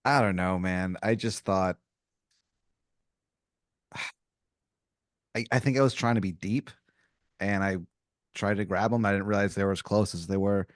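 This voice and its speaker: A man's voice: on the low side, fairly even intonation, measured pace, long pauses, no echo, clean studio sound. A man reacting to and playing along with an improvised comedy story as a podcast co-host.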